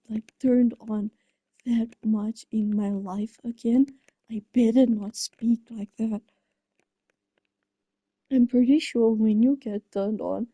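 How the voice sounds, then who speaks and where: A woman's voice: a little high, warm tone, husky, dry recording. A young woman chatting casually, flustered and embarrassed, rambling and restarting her sentences. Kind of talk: casual chat.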